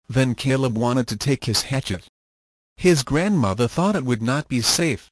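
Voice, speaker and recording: A man reads an old-fashioned children's story aloud at a steady, measured pace. His voice is mid-pitched and ordinary in tone. The recording is dry and close, with no room sound. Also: no room sound. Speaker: narrator. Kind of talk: audiobook narration of a children's story.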